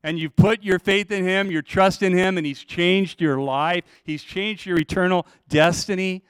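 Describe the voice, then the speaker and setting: Passionate male preacher, dry and clear. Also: high voice, steady tone, no echo. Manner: passionate preaching with sudden swings between loud emphasis and hushed, slowed lines. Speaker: pastor. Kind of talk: sermon.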